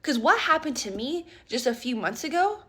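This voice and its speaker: A young woman telling a comedic story in an animated, exasperated, slangy way. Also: high voice, moderate pace, breathy edge. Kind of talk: storytime sketch.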